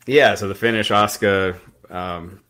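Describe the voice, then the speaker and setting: Male host, deep voice, casual rambling recap. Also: normal speed, fairly bright tone. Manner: rambling recap with fillers and restarts. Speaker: podcast host recapping wrestling.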